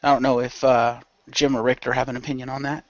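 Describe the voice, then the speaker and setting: A man's voice: medium pitch, little pitch movement, fast talker, dry recording. A man chatting on a podcast panel, giving opinionated rants and swearing freely. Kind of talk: casual podcast chat. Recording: dull lo-fi dry sound.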